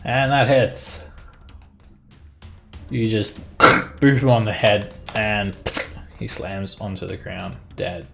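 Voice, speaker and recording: A man narrating as dungeon master of a tabletop game, describing the action in a lively way with chuckles. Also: on the low side, slow pace, gravelly, long pauses, soft background music.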